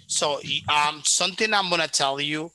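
Male English teacher, slightly higher voice, patient and repetitive, explaining pronunciation. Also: bright, forceful tone, no room sound, poor audio. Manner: patient, repeats words back, explains pronunciation slowly. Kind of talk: online one-to-one lesson.

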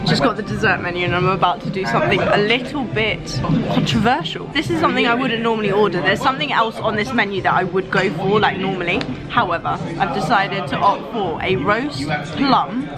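A woman's voice: mid-range voice, expressive, fairly quick, loud music behind the voice, over a noisy crowd. A young woman vlogging casually, bubbly and gushing as she talks and laughing often. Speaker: fitness and food vlogger. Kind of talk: casual vlog.

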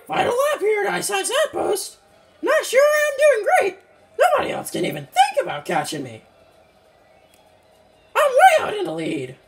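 A hyper little male mushroom racer, voiced extremely high and squeaky with a slight southern twang. He swoops all over and has a gravelly edge, yelping at every setback in his game commentary. Faint game music plays behind him. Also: full character voice. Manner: excitable, yelps and complains at mishaps. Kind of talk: let's-play game commentary in character.

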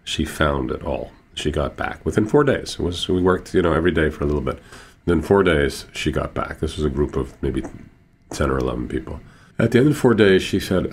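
A man's voice: very deep voice, expressive, fairly quick, gravelly, slight background noise. A middle-aged man telling healing stories as a guest on a radio interview, earnest and building to emphatic payoffs. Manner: acts out patients' quoted speech. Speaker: healer and guest.

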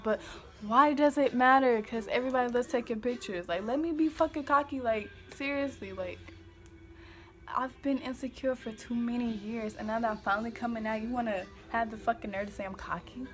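A woman's voice: a little high, moderate pace, fairly bright tone. A young woman from Kansas City, Missouri, vlogging casually to the camera in a sassy, goofy, emphatic way, swearing freely. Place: home. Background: faint music playing.

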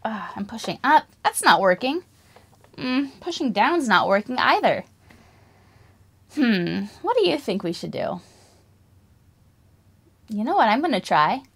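A woman's voice: fairly high pitch, sing-song, a little slow, long pauses, breathy edge. A young woman leading a preschool music lesson, singing and talking to toddlers with exaggerated wonder and lots of questions. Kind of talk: children's lesson, singing and toy play.

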